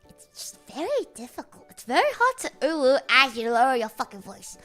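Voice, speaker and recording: Young woman, high voice, lively swoops, bright tone, playful, faint music behind. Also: fairly quick. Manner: playful, exaggerated, swears freely. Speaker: livestreamer. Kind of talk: casual stream chat.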